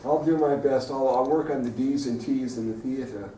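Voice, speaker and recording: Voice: medium pitch, normal speed, warm tone, a little hiss or hum. Agreeable actor at a distant rehearsal. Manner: agreeable, answers mostly with "okay". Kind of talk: rehearsal talk. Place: theater stage. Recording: echoey stage from far off, faint ambience.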